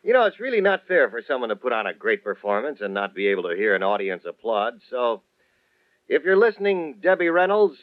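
A man's voice: mid-range voice, big pitch swings, brisk, dry recording. A male radio announcer reads his script with a bouncy, sing-song lilt. The sound is dry and close. It has the narrow, tinny quality of an old broadcast.

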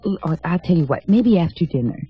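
A woman's voice: on the low side, lively intonation, brisk, slight background noise, close to an everyday voice. A woman playing a patient housewife who soothes and stalls her husband, in a 1960s radio comedy sketch. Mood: coaxing. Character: patient, sweetly evasive housewife. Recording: dull old radio broadcast.

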